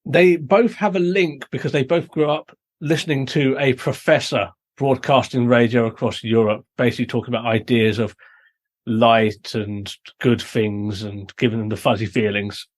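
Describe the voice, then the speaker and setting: A man's voice: medium pitch, steady tone, normal speed. British guy hosting a podcast, talks you through the plot, easygoing review chat. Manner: explanatory, recapping plot at length. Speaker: podcast host.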